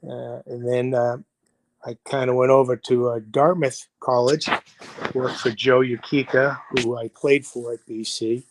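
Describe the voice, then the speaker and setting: Over a video call livestream with background noise, a man in his seventies from the United States, a football coach, gives an interview. His medium-pitched delivery is flat and a little slow. His long anecdotes wander, filled with fillers and quoted exchanges he acts out.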